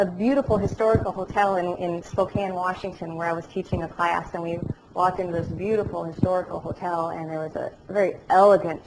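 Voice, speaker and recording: Woman educator, lower pitch, animated lecturer who likes a joke. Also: slight background noise, poor audio. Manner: animated storytelling with jokes. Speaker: dementia care educator. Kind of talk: lecture to a class, also telecast. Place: classroom or lecture hall.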